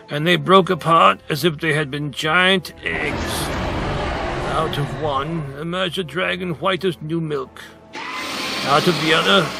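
Slow, gravelly male storyteller. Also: a little high, pushed and bright. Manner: dramatic, slow, emphatic narration. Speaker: storyteller reading a picture book aloud. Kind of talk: expressive read-aloud storytelling.

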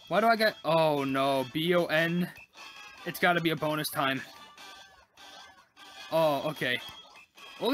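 Let's-play host, mid-pitched voice, rambling exasperated self-talk, faint game music underneath. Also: fairly bright tone. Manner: chatty, talks to self while playing, quick frustrated exclamations. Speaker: gaming YouTuber. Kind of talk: casual let's-play commentary.

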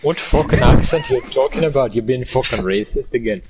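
A man's voice: mid-range voice, expressive, brisk, heavy background noise. A young man from Australia with a put-on Irish accent, chatting casually while gaming, brash and swearing in mock-aggressive banter. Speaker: gaming streamer.

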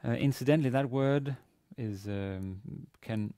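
A man giving a university grammar lecture, pausing often with fillers and restarting his sentences. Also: medium pitch, dark tone, clear, resonant tone, dry recording, studio quality. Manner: hesitant, many fillers and restarts. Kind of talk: classroom lecture. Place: university classroom.

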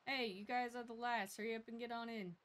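A woman playing a gruff male squad instructor. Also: a little high, fairly even intonation, a little fast, a bit bright, close to an everyday voice. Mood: impatient.

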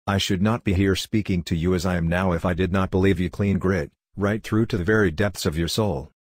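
Jolly young Texan suitor, folksy slang, deep and dry, read by a man. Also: fairly even intonation, fairly quick, no echo. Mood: earnest. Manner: folksy slang, good-humored then earnest.

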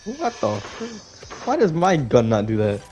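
A man's voice: mid-range voice, wildly swooping pitch, measured pace, a little mellow, soft background music, poor audio. A young man playing a video game with friends, laughing a lot as he talks. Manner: giggly, laughs a lot between lines. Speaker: gamer. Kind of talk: casual gaming banter.

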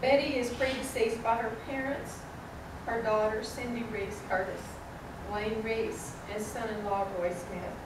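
A woman's voice: on the high side, steady tone, a little slow. Emotional woman pastor in an echoey hall. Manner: tender and openly emotional. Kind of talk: funeral eulogy. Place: funeral service hall. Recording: echoey room from a distant mic with hiss.

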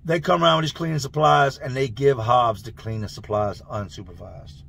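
A man telling a long story in a loose, slangy, animated way. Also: mid-range voice, moderate pace, vocal fry, husky. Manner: loose, slangy, animated, laughs through the tale. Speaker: channel host telling prison stories. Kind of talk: casual storytelling.

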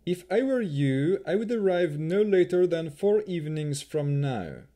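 A man voicing a haughty male elf chamberlain who speaks in a cold, measured, sneering way. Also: fairly high pitch, big pitch swings, dark tone, voice pushed up. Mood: contemptuous.

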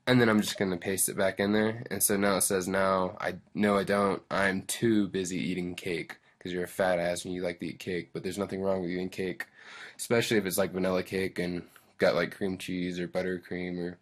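A young man casually talking through a coding tutorial, reading steps aloud and rambling into self-deprecating asides. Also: low-pitched. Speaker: tutorial host.

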